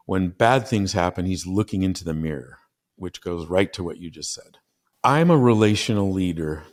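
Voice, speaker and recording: A man's voice: on the low side, darkish tone. A middle-aged man, a podcast guest and business consultant, telling stories earnestly with frequent restarts. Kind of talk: conversational storytelling.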